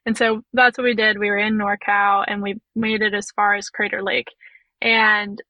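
Full of "like" and "you know," a young adult podcast guest who works as a physiotherapist and through hiker chats her way through a hiking story. Her mid-range voice holds a level tone at normal speed. The recording is dry, with the highs cut off.

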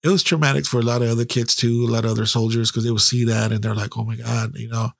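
A man's voice: mid-range voice, flat delivery, rapid-fire, gravelly, dry recording, studio quality. A middle-aged man hosting a podcast, telling a candid personal story in a blunt, heavily profane way. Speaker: podcast host.

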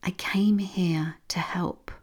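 A woman's voice: fairly low pitch, steady tone, measured pace, a little mellow. A woman reading a storybook aloud and voicing an innocent young boy who speaks earnestly and pleads.

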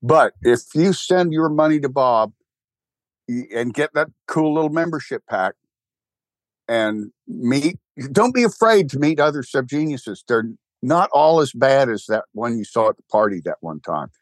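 A man's voice: medium pitch, animated, measured pace, no room sound. An older man with a Texan accent, rambling wryly in a casual interview chat, full of restarts and fillers. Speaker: guest, church co-founder.

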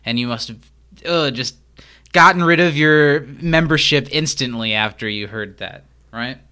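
A man hosting a podcast, chatty and self-deprecating, reading plugs and shout-outs. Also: medium pitch, measured pace, smooth. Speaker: podcast host. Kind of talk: casual podcast banter.

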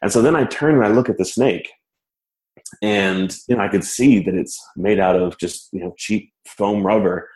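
A man telling a personal story in casual talk, animated and self-mocking, laughing as he goes. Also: lowish voice, normal speed. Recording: roomy echo.

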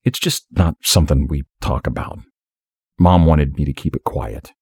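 A hesitant man in his twenties who stammers and dodges, read for an audiobook, in the narrator's own voice. The voice is low and husky, recorded dry and close. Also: moderate pace, a little mellow, no room sound, full character voice. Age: 20s. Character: nervous 27-year-old man, evasive. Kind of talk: audiobook reading.

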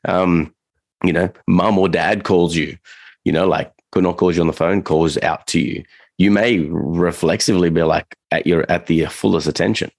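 A man's voice: sits low, fairly even intonation, moderate pace, creaky, no room sound. A man co-hosting a casual dog-training podcast, rambling loosely with lots of fillers and restarts.

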